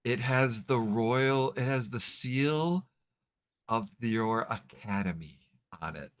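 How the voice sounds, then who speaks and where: A man's voice: medium pitch, slow pace, a bit bright, clear, resonant tone, dry recording. A man narrating as game master of a tabletop game, searching for words as he goes.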